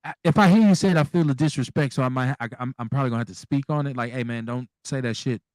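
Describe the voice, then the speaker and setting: Blunt, animated male radio host. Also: mid-range voice, racing, dry recording. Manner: candid, blunt, animated with profanity. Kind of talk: casual call-in radio talk.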